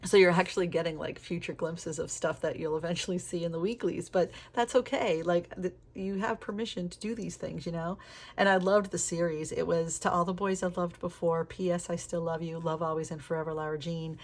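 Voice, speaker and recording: A woman's voice: lowish voice, fairly even intonation, a little fast. A middle-aged woman chatting candidly while flipping through her planner, laughing often and swearing casually. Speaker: planner vlogger. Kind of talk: casual flip-through chat.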